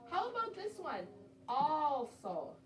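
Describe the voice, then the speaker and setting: Woman, elementary teacher running a phonics lesson, high voice, encouraging, stretches out sounds; echoey room, heard from afar. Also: wildly swooping pitch. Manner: encouraging, sounds out words slowly. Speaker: second-grade teacher. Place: classroom. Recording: roomy classroom audio from a distance.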